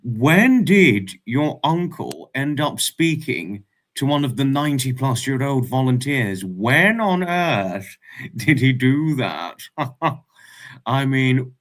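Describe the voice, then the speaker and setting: A man's voice: mid-range voice, sing-song, takes it slowly, fairly bright tone. A man hosting a casual livestream, reading chat messages aloud and reacting with frequent laughs.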